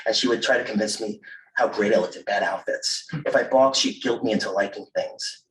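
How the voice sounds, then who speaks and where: A man reading his own memoir aloud at a live literary event, measured and wry, with self-amused asides. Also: fairly low pitch, a bit bright. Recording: roomy, distant mic at a live reading.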